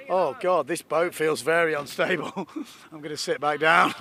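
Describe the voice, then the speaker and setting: A man giving jokey, excitable live commentary from a boat on a lake. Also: a little high, a little slow, creaky, hardly any pauses. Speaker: sports commentator.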